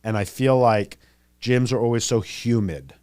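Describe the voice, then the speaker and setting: A man's voice: medium pitch, normal speed, a little mellow, smooth, dry recording. A man hosting his own podcast, talking alone in a chatty, rambling way with playful, exaggerated complaints. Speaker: podcast host and psychic reader. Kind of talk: casual solo podcast monologue.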